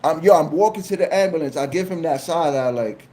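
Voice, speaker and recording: A man, telling a funny story on a live stream, animated and profane, often repeating his phrases. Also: on the high side, fairly quick, few pauses. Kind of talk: casual comedic storytelling.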